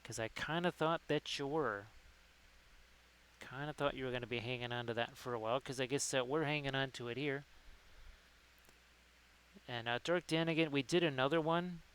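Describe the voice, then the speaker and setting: A man's voice: mid-range voice, normal speed, pauses often, a bit bright, a little hiss or hum, rough recording. A man hosting a casual livestream who rambles and reads chat messages aloud. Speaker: livestream host. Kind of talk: casual chat while painting.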